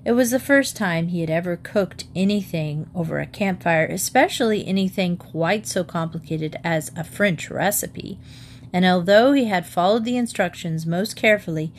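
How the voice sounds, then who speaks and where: A woman narrating a children's storybook aloud in a measured, clear way. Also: on the low side, slight background noise.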